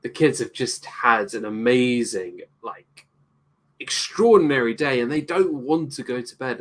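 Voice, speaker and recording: A man's voice: medium pitch, animated, normal speed, husky. A British man co-hosting a casual movie review, speaking thoughtfully and rambling with many restarts. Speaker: co-host, film reviewer.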